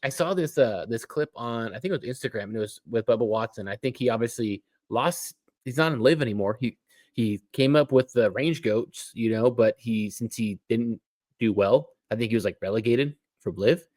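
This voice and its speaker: A man's voice: mid-range voice, normal speed, a little mellow, no echo. A man co-hosting a casual podcast, chatting loosely and rambling with fillers. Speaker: podcast co-host. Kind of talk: casual chat.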